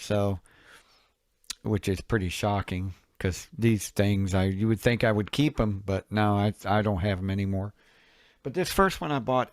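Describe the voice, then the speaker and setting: A middle-aged man chatting casually about records in his home office, rambling with many fillers and self-corrections. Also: on the low side. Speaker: record collector reviewing albums. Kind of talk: casual vlog chat. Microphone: mic on a stand near the camera.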